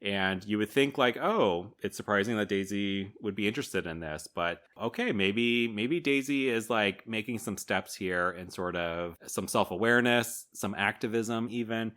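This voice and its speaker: Bright-voiced man recapping a film. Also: fairly low pitch, moderate pace, hardly any pauses. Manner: animated retelling with quoted voices and laughter. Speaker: podcast co-host. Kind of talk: casual film recap chat.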